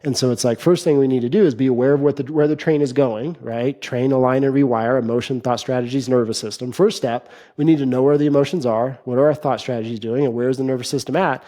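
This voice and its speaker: A man of ordinary pitch with a warm, mellow tone, guesting on an interview show. He explains a calming breathing method in a steady, instructive way, often restarting phrases and dropping in fillers. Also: fast talker, hardly any pauses.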